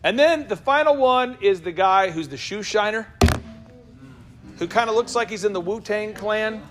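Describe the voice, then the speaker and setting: High-pitched animated man talking to a room. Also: background noise. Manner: animated, jokey, quick asides to the room. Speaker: business coach and show host. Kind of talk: lively talk to a live room.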